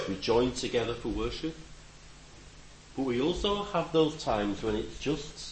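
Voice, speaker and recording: A man preaching a conversational sermon, reflective with gentle humor and a voice that rises and drops for emphasis. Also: medium pitch, animated, slow pace, echoey room, slight background noise, poor audio.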